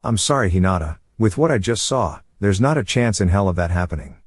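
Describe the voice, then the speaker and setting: A man's voice: on the low side, expressive, brisk, dry recording. A man voicing a stern adult woman ninja teacher in a fan-fiction reading, firm and authoritative.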